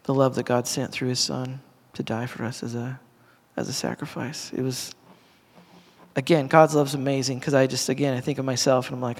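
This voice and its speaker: Here a middle-aged pastor delivers a casual, earnest sermon to a congregation at a moderate pace, his mid-range voice showing little pitch movement. He talks conversationally with restarts and asides, and the church hall gives the recording a long reverb.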